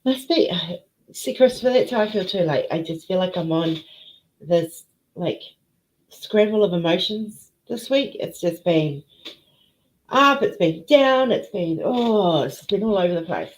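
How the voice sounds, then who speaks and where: A woman's voice: lowish voice, lively intonation, a little slow. A woman hosting a casual live chat with viewers, emotional and teary, greeting people by name. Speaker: livestream host. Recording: dull lo-fi stream audio.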